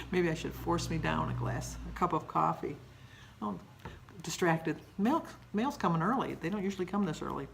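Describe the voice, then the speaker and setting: A woman's voice: deep voice, normal speed, vocal fry, a little hiss or hum. An older woman talking casually in a daily vlog, rambling and emotional, sometimes tearful. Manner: rambling, emotional, self-deprecating. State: tearful at times. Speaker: vlogger.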